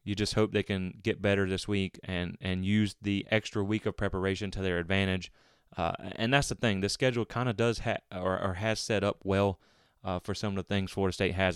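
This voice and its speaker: A man's voice: low voice, fairly even intonation, brisk, clean tone, no echo, studio quality. A man hosting a solo sports podcast, talking casually in a rambling way with frequent restarts. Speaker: podcast host.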